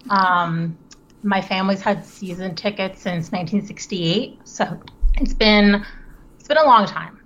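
A woman's voice: mid-range voice, unhurried, a bit bright, slight background noise. A woman in her thirties, a guest on a podcast, chatting in a friendly, candid way. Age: 30s. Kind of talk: casual podcast chat. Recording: dull lo-fi sound.

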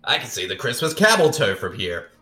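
A man's voice: medium pitch, very animated, a little fast, sharp tone, reverberant, faint music behind. A man co-hosting a casual movie-riffing podcast, joking and laughing often. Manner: giggly, joking. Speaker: podcast co-host.

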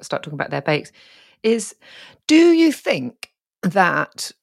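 Casting: low-pitched woman co-hosting a chatty podcast, laughing easily and trailing off, dry close sound. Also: vocal fry, no room sound. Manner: chatty, laughs often, trails off mid-sentence. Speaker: podcast co-host. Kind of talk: casual chat.

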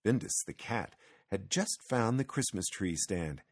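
A man with a low, husky voice reads a children's storybook aloud. His delivery is lively and expressive, rising and falling widely as he tells the tale. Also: unhurried. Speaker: narrator.

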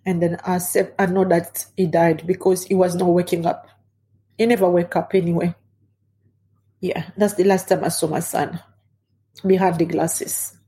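A grieving middle-aged woman giving personal testimony in halting English with non-native grammar. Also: lowish voice, level tone, mellow. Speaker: bereaved mother.

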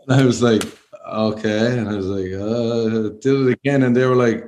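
Brief: Irish man, mid pitch, easygoing, laughs a lot, casual chat. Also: fairly even intonation, a little slow, pauses often, a little mellow, a little hiss or hum. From Ireland. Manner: laughs often, easygoing anecdotes.

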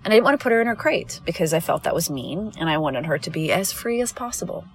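A woman's voice: fairly low pitch, expressive. A woman podcast host and coach talking candidly and earnestly in a reflective monologue, recorded in a parked car by the roadside. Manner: candid, earnest, halting with restarts.

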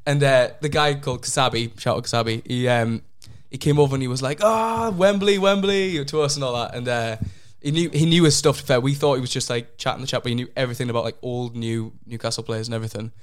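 Fast-talking lad telling stories. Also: male voice, clean tone. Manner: rambling storyteller, pitch leaps when excited. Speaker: podcast co-host. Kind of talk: casual chat.

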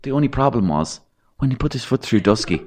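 A podcast guest from Ireland rambles through childhood anecdotes with a dark sense of humour, slipping into different voices. His medium-pitched delivery is expressive and a little fast.

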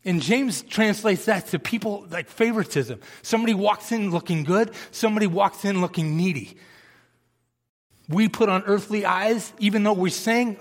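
Man, sermon, high voice, passionate, emphatic, reverberant hall. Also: moderate pace. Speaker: preacher.

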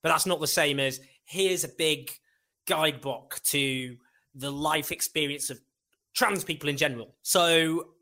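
Brief: male podcast host, slightly higher voice, rambling and jokey. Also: unhurried, sharp tone. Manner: rambling and self-correcting, jokey. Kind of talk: casual podcast chat.

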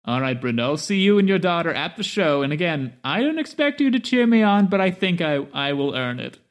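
A man's voice: a little high, big pitch swings, a little fast, voice pushed up. A man playing a boastful, melodramatic halfling with a pompous, theatrical way of telling his stories. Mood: playful.

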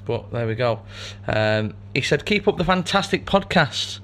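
A man's voice: mid-range voice, expressive, moderate pace, fairly bright tone. A man co-hosting a podcast, chatting casually in a dry, teasing way and swearing now and then. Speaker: podcast co-host. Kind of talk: casual chat.

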